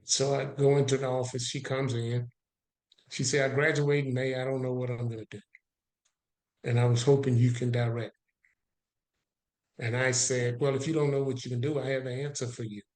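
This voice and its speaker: Long pauses break up this man's moderate, medium-pitched delivery, recorded in an echoey room. Guesting on an interview podcast, he animatedly recounts a personal story, voicing both sides of the exchange.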